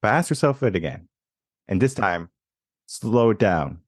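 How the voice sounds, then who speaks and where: Young guy hosting a coaching podcast, really low voice, dry close mic, thoughtful and chatty. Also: very animated, unhurried, no echo. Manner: reflective, storytelling with laughs. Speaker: podcast host. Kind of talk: casual interview chat.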